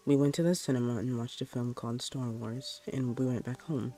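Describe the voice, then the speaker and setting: A man narrates a spooky first-person tale in a mellow, dark-toned voice. His delivery is plain and unhurried, with soft music playing faintly underneath. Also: medium pitch, steady tone. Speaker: storyteller. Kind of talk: reading a horror story aloud.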